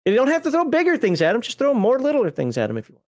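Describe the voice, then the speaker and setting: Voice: medium pitch, wildly swooping pitch, very fast, darkish tone. A game master talks through a game's rules in an easygoing livestream chat. The delivery wanders, doubles back to fix details and drops offhand jokes along the way. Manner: rambling, self-correcting, conversational; folksy, jokey asides. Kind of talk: casual livestream rules walkthrough.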